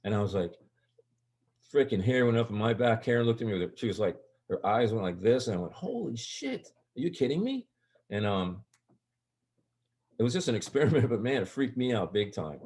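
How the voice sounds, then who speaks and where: A man's voice: lowish voice, brisk, long pauses, darkish tone. An older man, a guest on an interview show, telling stories in a casual, rambling way. His voice jumps up when he acts out quoted lines. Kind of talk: casual storytelling.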